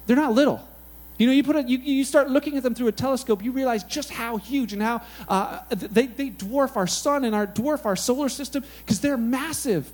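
A man preaching a sermon in a casual, animated, conversational way, telling Bible stories with lots of "like" and "you know". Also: very high-pitched, a little fast. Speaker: pastor.

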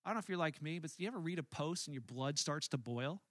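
A man preaching a sermon as a pastor, conversational and animated, acting out his own angry outbursts in stories. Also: on the high side, fast, dry recording, clean studio sound.

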